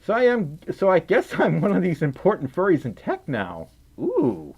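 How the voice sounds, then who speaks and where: Giggly Southern-accented male streamer, goofy casual chat, voice bouncing high and low. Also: wildly swooping pitch, moderate pace, vocal fry, a little mellow, breathy edge. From Mississippi, US South. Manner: silly, giggly, reads donations aloud. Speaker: livestream host. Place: indoors at home, wearing a fursuit head.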